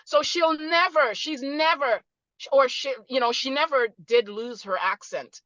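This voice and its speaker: A woman's voice: sits high, a little slow, pushed and bright, no room sound, highs cut off. A middle-aged woman from Jamaica with a Canadian accent, chatting casually on a video call and rambling with lots of fillers. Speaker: guest speaker.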